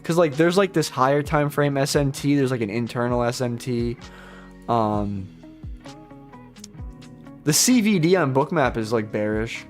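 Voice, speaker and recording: A man's voice: medium pitch, animated, measured pace, long pauses, faint music behind. A young man trading on a live stream, rambling casually, swearing often, and poking fun at himself. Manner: rambling, profane, self-deprecating. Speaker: live-stream futures trader.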